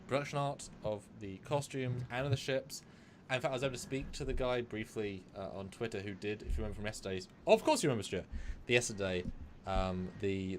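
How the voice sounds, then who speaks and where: A man's voice: on the low side, a little hiss or hum. Chatty male livestream co-host. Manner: chatty, laughing, trailing off. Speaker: show co-host. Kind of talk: casual livestream chat.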